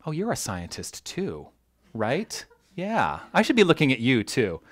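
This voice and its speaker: A man preaching a sermon as a minister, animated and joking with his congregation, tripping over his words when excited. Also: medium pitch, unhurried. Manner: animated, self-interrupting, jokes with the congregation. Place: church hall.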